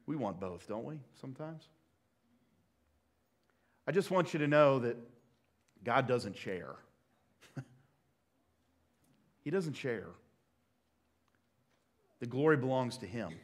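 A man preaching a sermon as pastor, telling a story with lively swings from loud acted-out quotes to quiet, hushed asides. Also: medium pitch, slow pace, pauses often. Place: church sanctuary.

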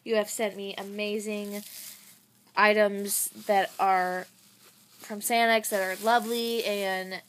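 A young woman vlogger gushing and rambling excitedly as she unboxes gifts. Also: mid-range voice, takes it slowly, a little hiss or hum. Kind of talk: casual unboxing chat.

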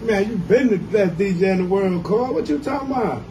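A man's voice: sits high, animated, fairly quick, background noise. A man ribbing a friend on a phone call in a teasing, mock-threatening way. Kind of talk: comedic phone banter.

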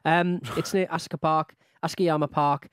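A man's voice: fairly high pitch, level tone, normal speed, smooth, no echo, clean studio sound. A man co-hosting a podcast, chatting casually in a rambling, hesitant way full of ums and restarts. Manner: rambling, hesitant storytelling with many fillers. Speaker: podcast co-host. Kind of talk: casual chat.

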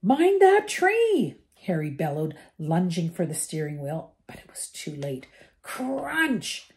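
An older woman reading a novel aloud to her grandchildren, gentle and with the odd slip and restart. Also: deep voice, big pitch swings, a little slow. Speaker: storybook reader for her grandchildren.

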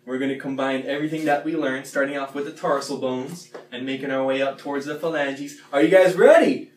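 A man leading a playful classroom warm-up, chanting the words slowly and loudly. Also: medium pitch, level tone. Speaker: teacher leading a movement warm-up. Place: x-ray room. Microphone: phone camera from a distance. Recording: echoey room, mic far off, faint hum.

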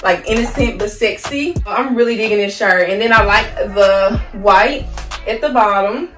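A woman's voice: mid-range voice, normal speed. A young woman chatting playfully about clothes she bought, using slang and addressing viewers as y'all. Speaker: haul vlogger. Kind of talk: casual clothing haul chat. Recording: roomy sound, mic at a distance, soft music.

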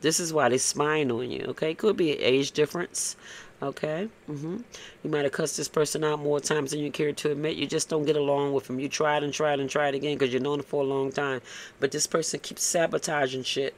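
Creaky-voiced man giving a tarot reading. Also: on the high side, fairly even intonation, brisk. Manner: casual, blunt, peppered with "okay?" and cursing. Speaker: tarot reader.

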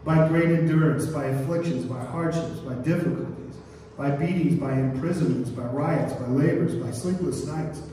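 A man preaching to his congregation, heard from a distance in a large, echoing church hall. His voice sits fairly high for a man. He drives his points home with call-and-response, getting the room to repeat phrases after him. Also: normal speed, dark tone, a little hiss or hum. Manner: sings a line playfully. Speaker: pastor. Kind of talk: sermon. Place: church sanctuary. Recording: echoey hall from far off.

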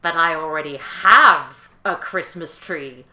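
Self-assured storybook peacock, male, loud and declaiming, voiced by a woman. Roomy echo. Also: low-pitched, slow pace, voice pushed down, exaggerated voice. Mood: grand.

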